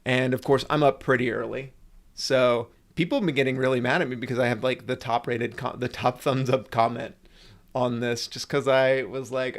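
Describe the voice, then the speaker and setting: A man's voice: medium pitch, little pitch movement, moderate pace. A man hosting a casual livestream, ranting with sarcasm and frequent swearing. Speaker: livestream host.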